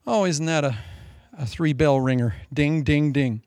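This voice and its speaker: A man preaching a sermon in an animated, joking way. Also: a little high, a little slow, no echo, clean studio sound. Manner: animated, joking, with frequent laughs.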